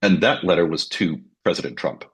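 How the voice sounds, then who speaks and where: A man as a guest on a fintech podcast, explaining in a measured way, with many ums and uhs. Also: low-pitched, a bit bright, breathy edge. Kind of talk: casual podcast conversation.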